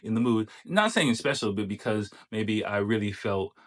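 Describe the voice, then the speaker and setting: A man's voice: on the low side, expressive, normal speed. A man hosting, giving casual commentary on a clip, chatty and full of fillers and restarts. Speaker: host reacting to a clip.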